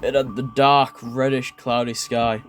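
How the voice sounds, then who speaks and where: A man's voice: medium pitch, level tone, unhurried, fairly bright tone, soft background music. A young man reading a horror story aloud in a casual, jokey way, often stumbling over words and laughing at his own slips. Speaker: creepypasta reader.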